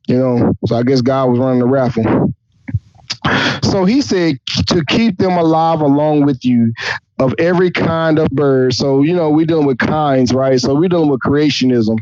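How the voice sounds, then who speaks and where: A man's voice: mid-range voice, moderate pace, darkish tone, no room sound, dull audio. A man hosting a podcast, reading scripture aloud and mocking it crudely, often stumbling and correcting himself. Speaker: podcast host. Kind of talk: comic Bible reading with commentary.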